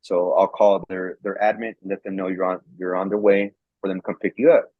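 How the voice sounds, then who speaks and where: A man's voice: low-pitched, fairly even intonation, fairly quick, no room sound. A man, a former soldier, telling a story in a casual, rambling way and acting out the quoted dialogue, often repeating words. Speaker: guest, former National Guard soldier. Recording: dull lo-fi sound.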